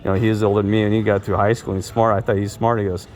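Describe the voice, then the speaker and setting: A man's voice: lowish voice, little pitch movement, rapid-fire, a little mellow. A middle-aged man rambling through personal stories on his vlog, circling back and restarting his sentences with lots of fillers. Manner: meandering, repeats himself, many fillers and restarts. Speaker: vlogger.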